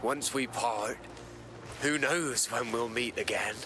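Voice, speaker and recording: A man's voice: mid-range voice, takes it slowly, lightly acted. An actor voicing a kindly older male mapmaker in a video game, speaking in a reflective, storytelling manner, with music playing behind him.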